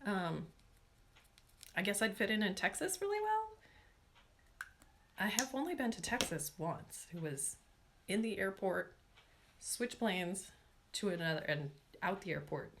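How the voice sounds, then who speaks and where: A woman's voice: mid-range voice, very animated, a little slow, pauses often, fairly bright tone, a little hiss or hum. A woman from Washington state hosting a casual nail-care livestream, rambling and chatty, often saying "y'all" and reading out viewer names and questions. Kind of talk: casual live-stream chat with viewers.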